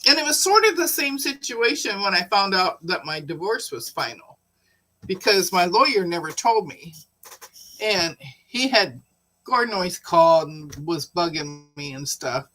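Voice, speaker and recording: Woman, unhurried, bright voice, chatty storytelling, laughs often. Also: lowish voice, very animated, low-quality recording. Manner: chatty, laughs often while telling stories. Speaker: livestream host. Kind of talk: casual storytelling chat.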